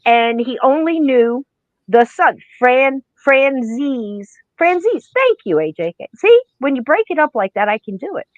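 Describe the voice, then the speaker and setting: A fairly high-voiced woman retells a story in a chatty, animated podcast style, jumping into the voices of the people in it. The sound is close and dry, with dull, muffled highs. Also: unhurried, dry recording. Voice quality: animated, acts out quoted voices. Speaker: podcast co-host. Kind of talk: casual storytelling chat.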